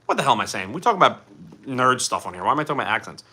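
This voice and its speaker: Rapid-fire and very animated, the medium-pitched voice sounds pushed and bright with a breathy edge. It belongs to a Philadelphia livestream host with a Philly accent who rambles casually and reads out viewer comments.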